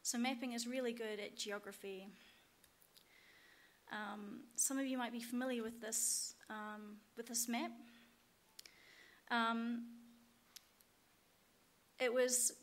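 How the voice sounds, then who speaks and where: A woman in her thirties with a New Zealand accent, giving a conference workshop talk and pausing often with "um". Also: fairly high pitch, fairly even intonation. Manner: hesitant, many ums. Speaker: workshop instructor. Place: conference room.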